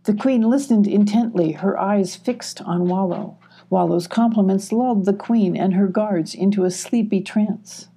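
A woman reading a children's adventure audiobook in a measured, gentle storytelling manner. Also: mid-range voice. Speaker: audiobook reader. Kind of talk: scripted audiobook narration.

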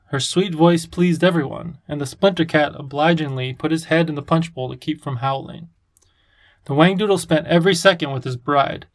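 A man narrating a children's storybook in a calm, even manner. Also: fairly high pitch. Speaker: audiobook narrator. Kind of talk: scripted narration.

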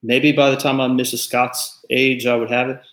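A man's voice: medium pitch, flat delivery, moderate pace, a bit bright, roomy sound. A man in his forties hosting a talk show, speaking earnestly and reflectively in casual commentary. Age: 40s.

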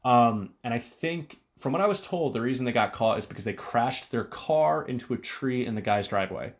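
A man's voice: mid-range voice, expressive, normal speed. A man hosting a solo podcast, talking casually in a rambling way with frequent fillers and restarts. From Connecticut, USA. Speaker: podcast host.

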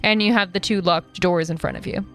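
A woman narrating as game master in a tabletop game, chatty and relaxed, with many fillers. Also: lowish voice, brisk, soft background music.

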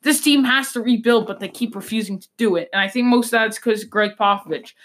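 A woman's voice: on the high side, brisk, fairly bright tone. A woman hosting a sports podcast, giving blunt, opinionated takes in a loose, rambling way with frequent restarts. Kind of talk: casual sports talk.

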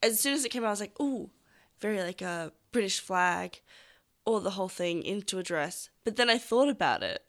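A man's voice: high-pitched, expressive, brisk, fairly bright tone. Giggly man chatting. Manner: giggly, gushing and playful. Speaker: podcast co-host. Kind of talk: casual chat.

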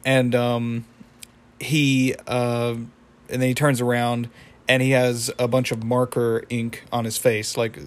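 A man casually retelling a cartoon episode, halting with many fillers and small chuckles. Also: mid-range voice, little pitch movement. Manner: halting, lots of fillers and restarts, chuckles often. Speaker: episode recapper.

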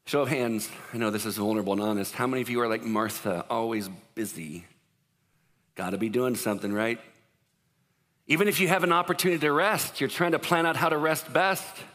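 A man's voice: mid-range voice, fairly even intonation, fairly quick, fairly bright tone. A man preaching a sermon in a conversational, joking way. He often puts questions to the congregation. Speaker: pastor. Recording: long reverb of a large hall.

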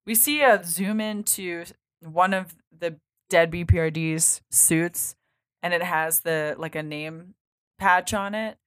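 Woman co-host, low-pitched, dry close sound, rambling casual recap delivery. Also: slow pace, no echo. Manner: loose and chatty, heavy on filler words and swearing. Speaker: podcast co-host. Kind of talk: casual chat recapping a comic.

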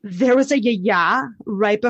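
A woman from Canada chatting casually and telling a lively story. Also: medium pitch, slow, husky, no room sound, dull audio. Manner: lively, laughs often, swears casually. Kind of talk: casual chat.

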